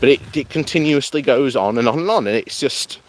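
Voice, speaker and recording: A man's voice: mid-range voice, lively intonation, fairly quick, slight background noise. A man giving rambling, casual political commentary while walking outdoors. He often laughs as he talks and films himself on a handheld camera. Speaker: political vlogger. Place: outdoors on a morning walk.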